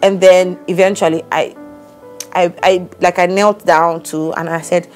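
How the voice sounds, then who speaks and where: A woman, co-hosting a casual chat and telling a story with lively acted-out quotes. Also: on the low side, a little slow, soft background music. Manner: animated storytelling, acts out quotes. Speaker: podcast co-host.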